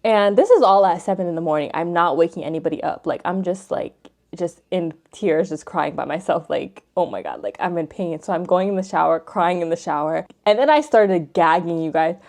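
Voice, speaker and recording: A woman's voice: fairly low pitch, brisk, hardly any pauses. Chatty young woman telling a story. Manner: chatty, filler-heavy, says "like" and "you guys" constantly; emotional and animated retelling. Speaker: vlogger. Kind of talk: casual get-ready-with-me storytelling.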